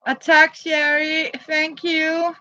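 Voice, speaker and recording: Slow, halting high-voiced woman. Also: monotone, bright, forceful tone, no room sound, lo-fi sound. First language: Danish. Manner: halting, searching for words, many fillers. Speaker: crafter showing handmade boots. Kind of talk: casual show-and-tell.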